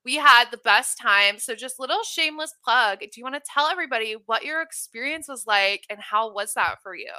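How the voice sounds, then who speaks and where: A woman hosting a podcast in casual chat, bubbly and quick to laugh, swearing now and then. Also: a little high, animated, sharp tone, no room sound. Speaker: podcast host and business coach.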